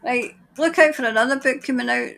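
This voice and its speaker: A high-pitched woman talks through an intuitive psychic reading as a tarot reader. She muses aloud and often breaks off mid-thought to restart. Her manner stays hesitant and searching. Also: creaky, fairly bright tone. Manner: musing aloud, halting, trailing off and restarting; speaks of seeing and hearing things.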